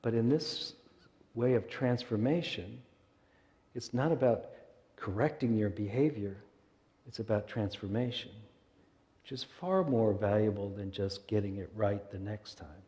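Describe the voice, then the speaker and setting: Mellow-voiced male minister in reverberant church. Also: lowish voice, measured pace. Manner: conversational, often asks the congregation rhetorical questions. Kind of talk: sermon. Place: church sanctuary.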